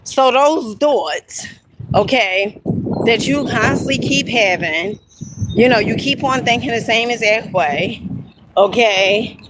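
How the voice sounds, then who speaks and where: Filming an uplifting vlog on her phone at an outdoor lookout, this inspirational video creator speaks slowly with a fairly high voice. She's emphatic, says "okay?" and "honey" constantly, and lets out excited whoops. Background noise can be heard.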